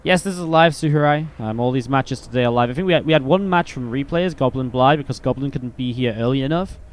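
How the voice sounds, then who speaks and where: A man's voice: medium pitch, fast talker. A man with an English accent casting a live strategy game match, mixing play-by-play calls with chatty asides. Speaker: esports caster.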